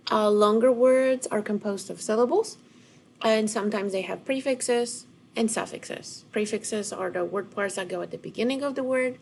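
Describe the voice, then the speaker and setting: A woman's voice: medium pitch, vocal fry, slight background noise. A woman teacher giving a recorded lesson to children, speaking patiently and encouragingly straight to her students.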